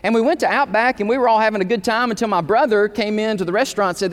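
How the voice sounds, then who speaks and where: A man preaching as pastor of his church, telling a story in an animated way. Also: high voice, racing, in a large hall. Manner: animated, storytelling with quoted dialogue. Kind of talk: sermon. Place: church sanctuary.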